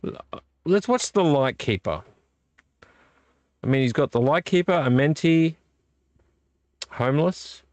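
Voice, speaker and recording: A man's voice: fairly high pitch, expressive, unhurried, long pauses, a little mellow, dry recording. Rambling man hosting a live vlog. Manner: rambling, easily distracted, self-correcting. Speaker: vlog host. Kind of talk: casual live-stream chat.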